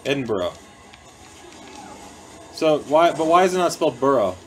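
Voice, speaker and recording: A man's voice: on the high side, fast. A man hosting a casual livestream, reading chat aloud and rambling playfully, with a little music in the background. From United States. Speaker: livestream host. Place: indoor studio room.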